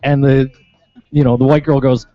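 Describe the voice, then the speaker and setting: A man's voice: mid-range voice, flat delivery, moderate pace, dry recording, muffled recording. A man with a Western New York accent on a casual talk show, telling a rambling, swear-filled anecdote with laughs. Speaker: show regular. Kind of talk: casual banter.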